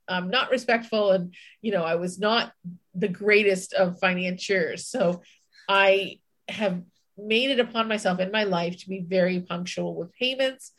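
A woman's voice: lowish voice, fairly bright tone. A woman co-hosting a podcast, telling a personal story in casual chat, candid, swearing and acting out her own inner voice. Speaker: podcast co-host.

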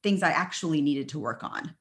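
A woman's voice: low voice, a little fast. A woman hosting a podcast, speaking openly and emotionally about her own experiences. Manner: open, emotional, animated storytelling. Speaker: podcast host. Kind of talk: podcast conversation.

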